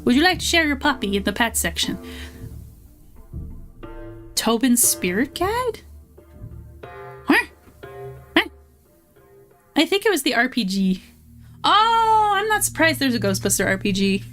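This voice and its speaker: A woman's voice: high-pitched, big pitch swings, measured pace, long pauses, a bit bright. A young woman streaming, chatting casually, swearing freely and reading chat aloud. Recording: faint music behind.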